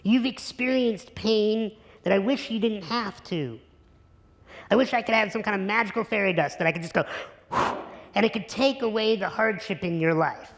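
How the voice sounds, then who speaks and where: A man's voice: sits high, a bit bright. A man giving an earnest, emphatic motivational keynote speech in a conference hall. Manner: earnest, emphatic, builds to repetition. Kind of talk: inspirational speech. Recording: reverberant hall.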